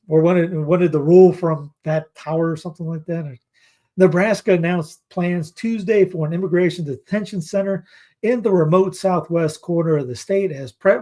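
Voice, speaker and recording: A man's voice: fairly high pitch, a little mellow. A man hosting a casual news commentary, reading headlines aloud and adding sarcastic, rambling asides. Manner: rambling, with many restarts and fillers.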